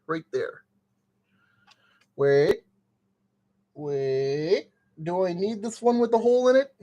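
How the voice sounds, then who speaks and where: Slow, goofy man muttering through a build. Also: sits high, dark tone, dull audio, a little hiss or hum. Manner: playful, muttering to himself, goofy made-up exclamations. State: sweating in summer heat. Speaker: streamer building a kit. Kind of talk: casual live-stream commentary.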